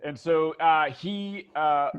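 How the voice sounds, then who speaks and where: Man, game master, slightly high voice, lively narration, laughs often, halting restarts. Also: clean tone, highs cut off. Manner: animated, laughing, voices NPCs with many restarts. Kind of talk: narrating a tabletop game session.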